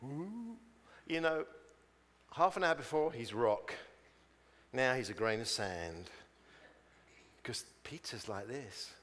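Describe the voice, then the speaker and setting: A man's voice: mid-range voice, animated, slow, long pauses, fairly bright tone, in a large hall. A man preaching a chatty sermon, telling stories and acting out their people in voices.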